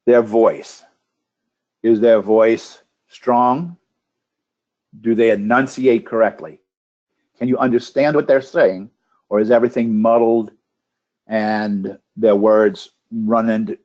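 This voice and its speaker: A man with a somewhat low voice teaches a webinar for contest judges. He rattles off a steady string of questions about the speaker's delivery. The audio is muffled and lo-fi, as over a computer mic. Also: measured pace. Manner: asks a string of checklist questions, with restarts. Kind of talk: instructional webinar talk. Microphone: computer microphone on a webinar call.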